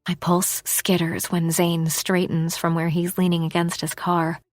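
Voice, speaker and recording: Expressive woman narrating an audiobook. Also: on the low side, a little slow, no echo, studio quality. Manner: expressive, drops to a whisper for inner thoughts. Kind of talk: first-person scripted narration.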